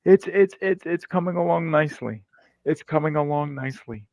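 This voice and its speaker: A man co-hosting a movie podcast, excitable and profane in casual chat. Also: a little high, moderate pace, dry recording. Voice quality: excitable, profane, laughs a lot. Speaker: podcast co-host.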